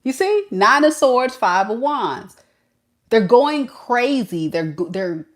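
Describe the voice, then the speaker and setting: A woman giving an animated tarot reading, often laughing and acting out what the other person is thinking. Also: medium pitch, measured pace. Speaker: tarot reader.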